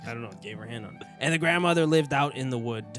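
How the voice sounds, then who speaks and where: A man's voice: mid-range voice, fast, over music. A man co-hosting a comedy podcast, joking and reading a fairy tale aloud between laughs. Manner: laughing, jokey, reads the story aloud. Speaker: podcast co-host. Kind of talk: comedic storytelling chat.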